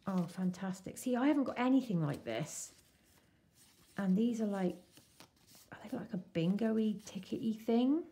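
A woman chatting casually and excitedly as she unwraps a craft swap parcel. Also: mid-range voice. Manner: gushing, excitable, slow-paced. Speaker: crafting vlogger. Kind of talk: casual unboxing chat.

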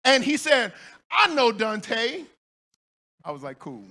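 A male pastor preaching a sermon in church, telling stories with shouts, laughter and playful asides to the congregation. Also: very high-pitched, huge pitch swings, slow, noisy background.

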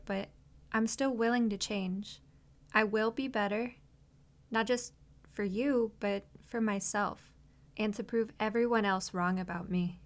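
A woman's voice: medium pitch, close to an everyday voice. A woman playing a tearful, tender reformed bad girl. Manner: earnest, emotional, near tears. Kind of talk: audio role-play.

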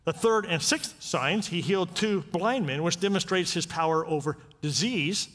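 A man's voice: high voice, moderate pace, fairly bright tone. A man preaching a sermon as pastor, talking in a conversational way with frequent rhetorical questions. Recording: long reverb of a church sanctuary.

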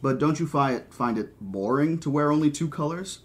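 A man's voice: fairly high pitch, lively intonation, moderate pace, natural voice. A man reading the lines of a skeptical female scientist in a questioning manner.

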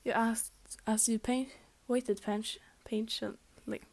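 A woman's voice: a little high, flat delivery, slow pace, a little mellow. A young woman reading a fanfic aloud in a casual, amateur way, stumbling and restarting, sometimes slipping into a whisper. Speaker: fanfic reader.

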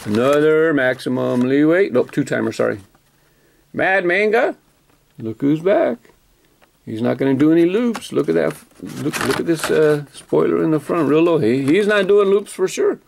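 Man, gravelly, somewhat high voice, chatty unboxing commentary, self-correcting. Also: lively intonation, normal speed, background noise. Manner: chatty, self-correcting, enthusiastic about details. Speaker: toy car collector vlogger.

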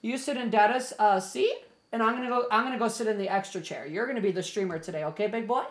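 A man's voice: high voice, fast, fairly bright tone. A young man streaming a game live, chatting casually and gushing at his dogs in baby talk. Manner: playful, lots of fillers.

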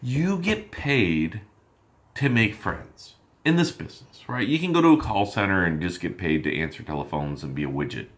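A man coaching loan officers on sales calls, energetic and emphatic, often checking in with "right?". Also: sits low. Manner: acts out quick exchanges in other voices. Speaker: mortgage sales trainer.

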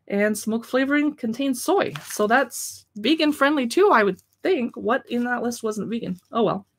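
Chatty woman reading product labels. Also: on the high side. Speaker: live stream host. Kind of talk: casual product live stream. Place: home desk.

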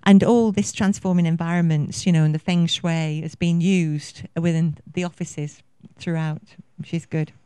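A woman's voice: lowish voice, fairly even intonation, moderate pace, few pauses, warm tone, clean tone, no room sound. A woman in her fifties giving a conference talk, effusive and passionate, rambling with many fillers. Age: 50s. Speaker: conference speaker. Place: conference venue.

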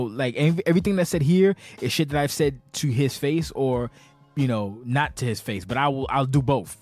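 A tipsy man hosts a podcast, rambling and cursing through an animated rant and tripping over his own restarts. His voice sits in an ordinary middle pitch, recorded dry and close on the mic. Faint music plays underneath. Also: no echo. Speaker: podcast host. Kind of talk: casual podcast chat.

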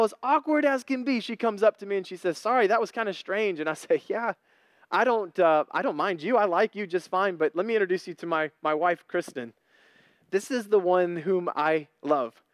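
A preacher in his thirties delivers a sermon with a high, bright voice. He spins folksy stories between his points, and the recording is close and dry. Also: no echo. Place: empty church auditorium.

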